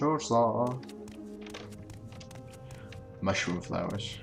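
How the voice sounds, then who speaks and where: A man's voice: sits low, sing-song, very slow, gravelly, pauses often, over music. A young man hosting a role-playing game playthrough, joking casually and reading in-game dialogue aloud. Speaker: let's play host.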